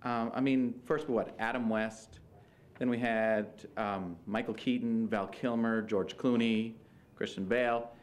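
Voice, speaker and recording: A man's voice: mid-range voice, fairly even intonation, measured pace. A male stand-up comedian in a conversational, musing set with some hesitant fillers.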